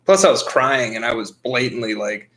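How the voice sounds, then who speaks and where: A man's voice: medium pitch, lively intonation, normal speed, fairly bright tone. A man in his twenties co-hosting a podcast, telling a story in a blunt, rambling, profane way. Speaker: podcast co-host. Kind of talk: casual storytelling chat.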